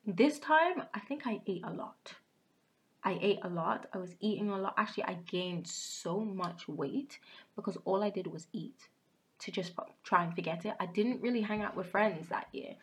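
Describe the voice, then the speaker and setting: A young woman hosting a podcast, telling a personal story candidly and often dropping into hushed, whispered asides. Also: mid-range voice, lively intonation, normal speed. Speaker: podcast host. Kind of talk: casual confessional monologue.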